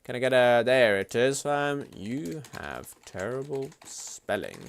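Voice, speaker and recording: A man streaming live at his computer, chatting casually in an excitable, slangy, swear-heavy way. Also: medium pitch, unhurried, vocal fry.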